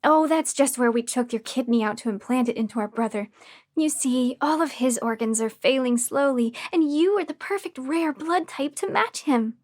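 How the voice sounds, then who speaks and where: A woman's voice: high voice, normal speed, a little mellow. A woman voicing a sweet but creepy, falsely motherly female caretaker who speaks in a chirpy sing-song way in a horror audiobook reading. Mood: sugary menace.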